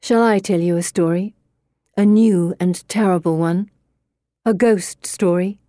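A woman's voice: on the low side, steady tone, a little slow, mellow, no room sound, clean studio sound, lightly acted. A woman voicing a mysterious teenage girl who tells a ghost story in a teasing, ominous way.

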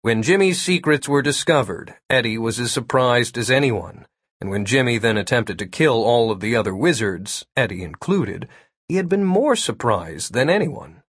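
Husky-voiced male audiobook narrator. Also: medium pitch, unhurried, no echo, studio quality. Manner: steady storytelling delivery. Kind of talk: scripted narration.

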